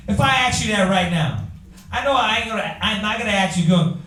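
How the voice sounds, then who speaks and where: A man leads a Bible class in a preaching style, firing rhetorical questions and calling on readers. His voice sits high and rings through a very echoey room. He sounds set well back from the microphone. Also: animated, a little fast, pushed and bright, distant mic.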